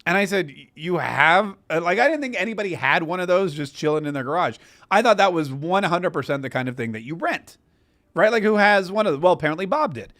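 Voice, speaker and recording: A man's voice: high voice, very animated, quick pace, a bit bright, no room sound, studio quality. An American man in his forties hosting a live stream, telling a long rambling story with many restarts. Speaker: host of a live stream show. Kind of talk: casual live-stream chat.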